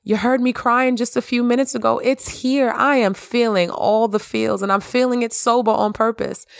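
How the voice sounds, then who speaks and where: A woman's voice: steady tone, normal speed, vocal fry, no room sound. Impassioned woman in a dry podcast monologue. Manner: impassioned, emphatic, repeats phrases, swings high when reassuring herself. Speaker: podcast host. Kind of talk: heartfelt solo podcast monologue. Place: at home in the evening.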